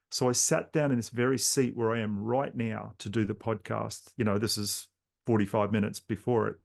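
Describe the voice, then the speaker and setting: Gravelly low-voiced male podcast host. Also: little pitch movement, fairly quick. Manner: reflective, speaks directly to listeners. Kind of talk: conversational podcast interview.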